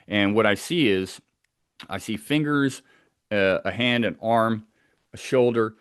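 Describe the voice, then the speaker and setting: A man with a somewhat low voice tells a tense first-person account of a wilderness encounter, acting out sounds as he goes. The recording is dry and close, with no room around him. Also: measured pace, a bit bright, smooth, dry recording. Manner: tense, vivid storytelling that acts out sounds. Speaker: eyewitness telling of a wilderness encounter.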